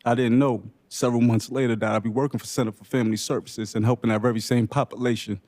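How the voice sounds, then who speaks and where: A young man speaking unscripted at a public briefing, sharing his own story in short, halting, emotional phrases. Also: medium pitch, little pitch movement, darkish tone. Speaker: panelist sharing lived experience. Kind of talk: unscripted personal testimony at a briefing.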